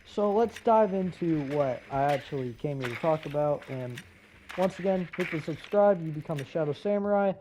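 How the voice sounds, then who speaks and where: Young gamer host, mid-pitched voice, swearing freely and rambling through a casual rant, with a faint hiss behind. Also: lively intonation, normal speed. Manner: profane, rambling, with many fillers and restarts. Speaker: gaming video host. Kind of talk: casual ranting commentary.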